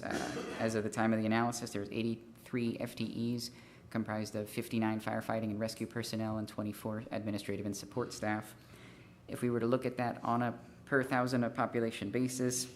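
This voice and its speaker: A man's voice: lowish voice, slight background noise. A man consultant giving a formal presentation at a city council meeting, methodical and figure-heavy, with frequent fillers and restarts. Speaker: consultant presenting a fee study.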